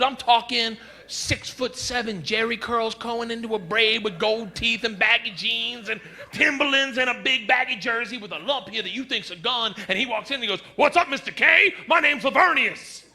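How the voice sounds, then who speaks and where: A middle-aged man doing a stand-up comedy set, telling stories loudly and acting out quoted lines in shifting voices. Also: very high-pitched, fairly even intonation, moderate pace, creaky. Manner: loud storytelling, acts out quotes in shifting voices. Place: comedy stage before a laughing audience. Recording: live stage mic with audience noise.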